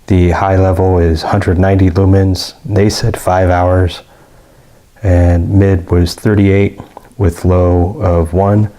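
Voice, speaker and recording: A man's voice: low voice, warm tone. A man giving a casual, rambling product review with many fillers and restarts. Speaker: gear reviewer.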